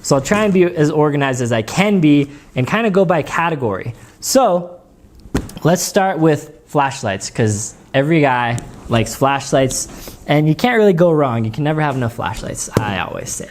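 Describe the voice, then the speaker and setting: A man's voice: a little high, animated, moderate pace, noisy background. A man with a runny nose hosting a casual gear vlog, chatty and rambling, often breaking into giggles, recorded in his dining room at home. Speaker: gear channel host.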